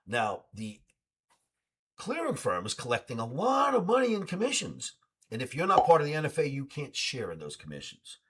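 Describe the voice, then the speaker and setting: Animated, husky-voiced man telling stories. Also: medium pitch. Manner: animated, swears freely, acts out dialogue. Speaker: stream host answering questions. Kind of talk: live Q&A storytelling.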